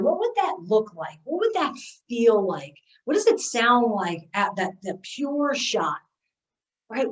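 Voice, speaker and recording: A woman golf mental game coach giving an energetic motivational seminar talk, leading her audience through exercises. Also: on the high side. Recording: echoey room, voice from far off.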